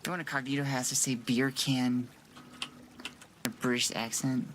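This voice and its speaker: A man's voice: mid-range voice, little pitch movement, moderate pace. Casting: male streamer, joking and self-narrating, keyboard clicking and some background noise. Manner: playful, jokey, talks to himself. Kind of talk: casual gameplay commentary. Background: keyboard typing.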